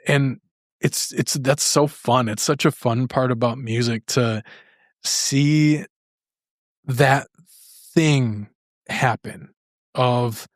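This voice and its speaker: A man's voice: mid-range voice, takes it slowly, dry recording, clean studio sound. A man hosting a podcast, talking casually and rambling with many restarts. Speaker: podcast host. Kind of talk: casual interview chat.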